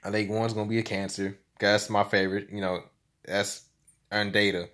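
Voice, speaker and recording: A young man talking casually to his camera in a rambling, slangy vlog, laughing often and swinging between loud bursts and low mumbles. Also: little pitch movement, moderate pace. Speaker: vlogger.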